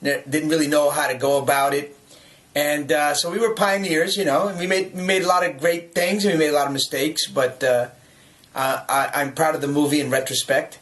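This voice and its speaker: A man in his forties from the United States, an actor telling lively anecdotes in a casual video message, chuckling and restarting his sentences often. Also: a little high, fairly quick.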